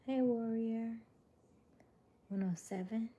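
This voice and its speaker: A sleepy young woman host chatting with her viewers on a livestream, mostly in a soft whisper. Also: fairly high pitch, slow pace. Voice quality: whispered voice to preserve it. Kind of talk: casual live chat.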